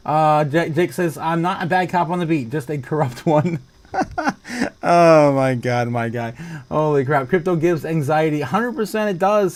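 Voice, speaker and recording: A man hosting a casual livestream, reading viewer comments aloud, excitable and laughing often. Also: on the high side. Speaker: livestream host.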